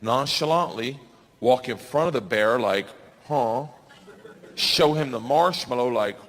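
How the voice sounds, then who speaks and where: A comic doing a bossy animal trainer. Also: male voice, medium pitch, lively intonation, moderate pace, fairly bright tone, pitched below the performer's own voice, natural voice. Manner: bossy, instructive. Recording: reverberant live room with background noise.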